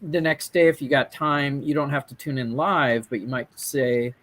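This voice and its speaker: A man's voice: mid-range voice, steady tone, normal speed, fairly bright tone, dry recording. A man from Minnesota co-hosting a casual hobby talk show, rambling with lots of fillers and restarts. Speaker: co-host. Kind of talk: casual chat.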